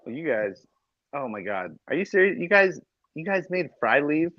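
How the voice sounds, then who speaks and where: A man bantering loudly on a casual talk show, joking and swearing. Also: fairly high pitch, normal speed, dry recording. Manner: loud, animated, swearing, jokey. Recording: dull lo-fi audio.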